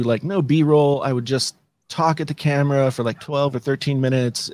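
A man's voice: mid-range voice, no echo. A man guesting on a podcast, easygoing and telling his story, repeating words as he thinks. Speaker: podcast guest, YouTube creator. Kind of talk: casual chat.

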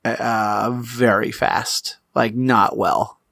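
A man's voice: medium pitch, level tone, drawn-out words, vocal fry, a bit bright, no room sound, clean studio sound. Chatty, laughing male player. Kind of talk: casual tabletop play.

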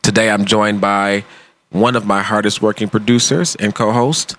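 A man's voice: on the low side, fairly even intonation, normal speed, a bit bright. A man hosting a casual podcast chat, upbeat, laughing often as he reads out plugs and addresses. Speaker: podcast host.

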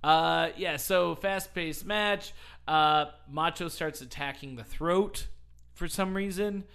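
A man's voice: a little high, slow, vocal fry, fairly bright tone, smooth. A man on a podcast telling a wrestling story in casual chat, rambling and laughing often. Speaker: podcast host.

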